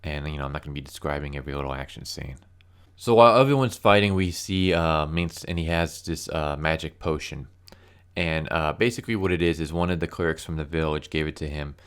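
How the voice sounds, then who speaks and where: A man's voice: a bass voice, brisk, clear, resonant tone. A young man casually reviewing a comic book issue, rambling with lots of fillers and restarts.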